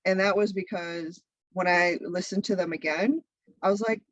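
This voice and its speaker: A woman in her thirties, a guest chatting in a casual interview, lively and laughing often. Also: lowish voice, moderate pace, no echo, dull audio. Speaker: guest, content creator.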